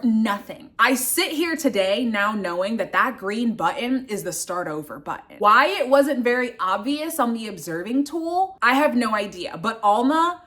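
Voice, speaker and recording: A young woman in her twenties tells a casual storytime to camera, fairly high-pitched and expressive. She swears freely and jumps into her own panicked inner voice as she talks. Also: measured pace, few pauses. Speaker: grad student storyteller.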